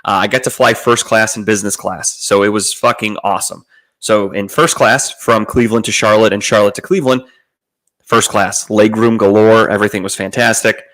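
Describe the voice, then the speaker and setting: A young man with a somewhat low voice tells a long casual story on a podcast. He swears freely and rambles, trailing off into fillers and starting over as he goes. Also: steady tone, brisk, fairly bright tone. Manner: profane, rambling, with frequent fillers and restarts. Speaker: podcast host.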